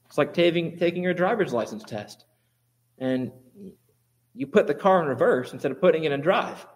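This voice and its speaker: High-voiced guy preaching a sermon, lots of questions, gets loud then quiet. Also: normal speed. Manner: animated, rhetorical questions, swings between quiet and emphatic. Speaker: pastor.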